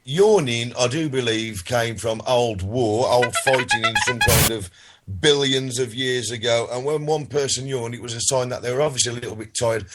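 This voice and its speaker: A man's voice: mid-range voice, moderate pace, loud music behind the voice. Dry-witted man on a call. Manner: dry, self-mocking banter. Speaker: podcast guest. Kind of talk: casual podcast chat. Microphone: voice call over the internet.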